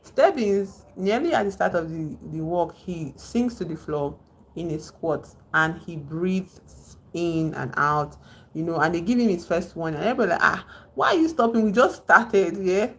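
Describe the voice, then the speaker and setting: Chatty low-voiced woman streamer. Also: animated, moderate pace. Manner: chatty, breaks off to greet chat viewers. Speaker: live streamer. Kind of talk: casual live-stream movie recap.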